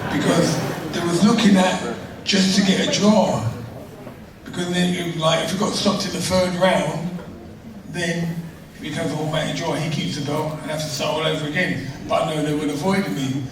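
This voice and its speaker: Middle-aged man, animated storyteller; higher voice, distant mic, noise behind. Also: moderate pace. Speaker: retired boxer. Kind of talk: casual storytelling conversation. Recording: echoey room, distant mic, background noise.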